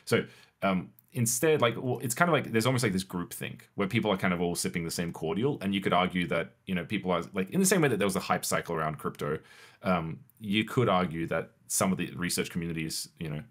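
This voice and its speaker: A man's voice: deep voice, lively intonation, fast talker, a bit bright. A man, co-hosting a casual tech podcast and talking through ideas with frequent restarts and laughs. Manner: conversational, many restarts, laughs often. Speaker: podcast co-host.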